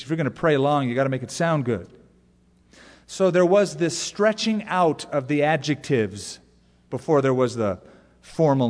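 A man's voice: on the high side, big-room sound. A male pastor preaching a sermon, telling stories and acting out exaggerated prayer voices to make his point. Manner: animated storytelling, mimics prayer voices.

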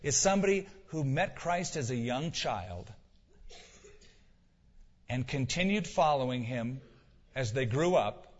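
A man's voice: medium pitch, expressive, measured pace, pauses often. A male pastor preaching a sermon with emphasis, asking rhetorical questions and repeating key lines for weight. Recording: dull lo-fi sound with long hall reverb.

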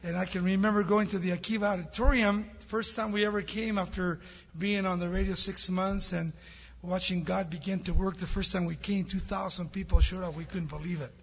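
Husky high-voiced man preaching. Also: steady tone, brisk. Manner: warm storytelling, laughs with audience. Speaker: guest preacher. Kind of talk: sermon with jokes. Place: large church hall. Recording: dull reverberant church hall recording.

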